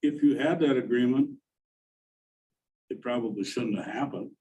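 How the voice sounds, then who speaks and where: A man's voice: medium pitch, normal speed, mellow, distant mic, poor audio. A man on a committee giving his blunt opinion in a meeting discussion.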